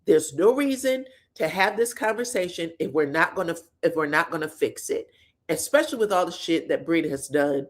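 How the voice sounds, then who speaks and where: A woman's voice: lowish voice, expressive, normal speed. A woman host in casual, chatty commentary, retelling reality TV drama in blunt slang with frequent swearing. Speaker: pop culture commentator.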